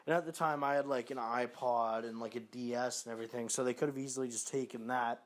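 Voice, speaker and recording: A man's voice: mid-range voice, steady tone, fast talker. Profane rambling young vlogger guy. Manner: profane, rambling, lots of fillers. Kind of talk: casual storytelling to camera.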